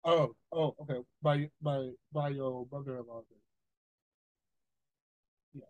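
A man's voice: mid-range voice, steady tone, slow, no echo, rough recording. A man co-hosting a podcast, chiming in with short reactions and jokes in casual chat. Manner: brief backchannel replies and joking interjections. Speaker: podcast co-host.

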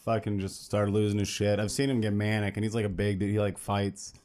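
A man's voice: on the low side, little pitch movement, a little fast, darkish tone. Mumbly man with a slight twang. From New York. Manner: loose and profane, laughs often. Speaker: stand-up comic, podcast guest. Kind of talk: casual chat.

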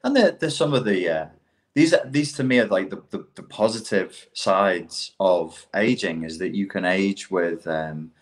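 A middle-aged man in casual conversation, talking in an animated, profane way and acting out quotes as he tells stories. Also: low-pitched, a little slow.

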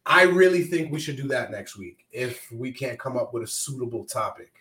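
Male podcast host, mid-pitch, casual and profane, video-call audio with room echo. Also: expressive, moderate pace, a bit bright. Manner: loose, profane, joking. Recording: roomy echo, faint noise.

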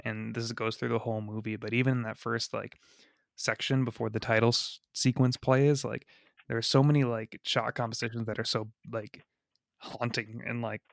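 A man's voice: mid-range voice, level tone, normal speed, gravelly, no echo, clean studio sound. A man talking through a film in a casual, rambling way, full of fillers and restarts.

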